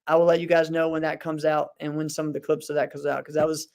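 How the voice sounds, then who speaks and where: A man's voice: fairly high pitch, flat delivery, fast, creaky, darkish tone. An easygoing man co-hosting a martial arts podcast, laughing often in casual chat. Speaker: co-host.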